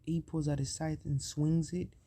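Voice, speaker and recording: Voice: medium pitch, level tone, normal speed, mellow, breathy edge. A young adult casually retelling an invented anime story, rambling and hesitant, restarting sentences and making up names as they go. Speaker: fan storyteller.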